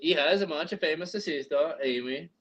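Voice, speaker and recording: A man's voice: on the high side, normal speed, a bit bright. A man casually chatting on a call, rambling and swearing a lot while teasing his co-host. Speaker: podcast co-host. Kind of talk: casual chat. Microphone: headphones.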